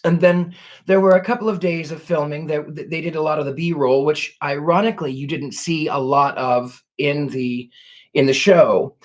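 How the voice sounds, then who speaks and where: Male psychic host, fairly high voice, gentle and gushing, casual livestream chat. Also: steady tone, moderate pace. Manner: gentle and effusive, fond of 'lovely' and 'dear'. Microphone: home livestream setup.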